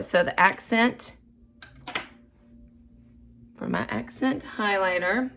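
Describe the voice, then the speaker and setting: A woman talks her way through her first makeup tutorial in a casual, self-narrating way. Her voice has a gravelly, fry-tinged edge, and she often slips into quiet murmurs as she focuses. A faint hiss of noise sits under the recording. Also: medium pitch, extremely slow, long pauses. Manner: chatty, self-narrating, unsure of herself; drops to soft murmurs while concentrating. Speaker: beginner makeup vlogger.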